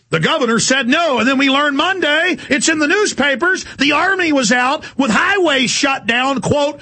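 A male talk radio host rants in an agitated, mocking way. His voice is high and bright, with a raspy, gravelly texture that stays through the whole monologue. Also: animated, a little fast. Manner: agitated, ranting, mocking quotes.

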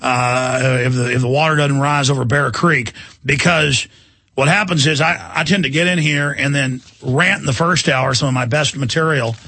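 Bright, husky-voiced ranting radio host man. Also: mid-range voice, no echo. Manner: combative, insulting, heated ranting. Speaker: radio talk show host. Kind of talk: ranting talk radio monologue. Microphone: studio microphone.

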